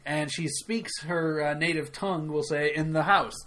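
A young woman with a bright but lowish voice, relaxed in casual podcast talk. She laughs a lot, jumps in with asides, and wanders into stories of her own. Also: normal speed. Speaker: podcast co-host. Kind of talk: casual chat.

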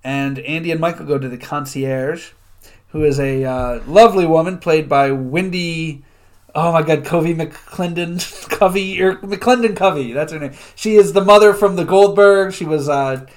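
A man's voice: on the high side, normal speed. A man co-hosting a podcast, casually retelling a TV episode in a rambling, profane way and laughing often. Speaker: podcast co-host. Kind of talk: casual episode recap chat.

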